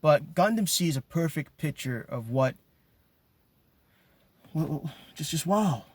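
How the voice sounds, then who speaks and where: A man's voice: fairly high pitch, expressive, unhurried, dry recording. A man delivering an impassioned monologue to his viewers, emphatic and ranting, often repeating words as he gets worked up. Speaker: video commentator.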